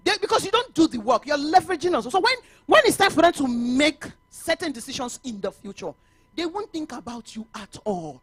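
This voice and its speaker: Nigerian woman, conference speaker, lively pitch, dry close sound, mixes Yoruba and English. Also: fairly quick, no echo. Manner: animated, mixes Yoruba and English, laughs often. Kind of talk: motivational talk to realtors. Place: conference hall.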